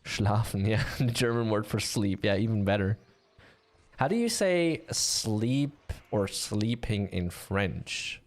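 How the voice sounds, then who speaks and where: A man's voice: fairly low pitch, lively intonation, takes it slowly. A man casting a live online game match, chatty and joking with his co-caster and the audience. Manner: chatty, joking, easily amused. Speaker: esports caster.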